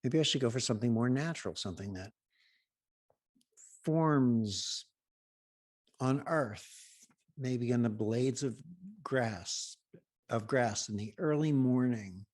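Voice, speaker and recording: A man hosting a healing program, telling humorous anecdotes with wry asides and pauses. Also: mid-range voice, a little mellow, no echo, studio quality. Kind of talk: humorous storytelling talk.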